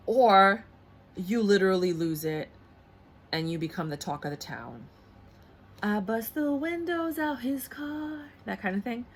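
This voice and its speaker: A woman doing a casual tarot reading to camera, blunt and animated, slipping into voices as she goes. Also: mid-range voice, a little hiss or hum. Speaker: tarot reader.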